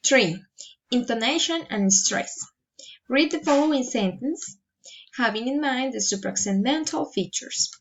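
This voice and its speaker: A fairly high-voiced woman reads out pronunciation drills word by word, taking her time over each pair and sentence. The recording sounds dull and lo-fi. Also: lively intonation. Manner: slow, careful reading of word pairs and sample sentences. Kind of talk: reading a pronunciation exercise aloud.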